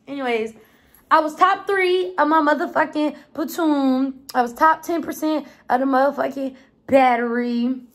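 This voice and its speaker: A woman's voice: sits high, fairly bright tone. A woman in her twenties with an American accent, telling stories in a casual, blunt vlog and swearing freely. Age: 20s. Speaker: vlogger.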